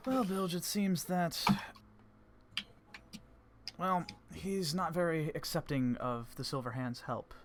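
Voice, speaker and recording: A man voicing a composed male human commander who speaks in a measured, polite, reserved way. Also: on the high side, fairly even intonation, noisy background, voice pushed up. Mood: earnest.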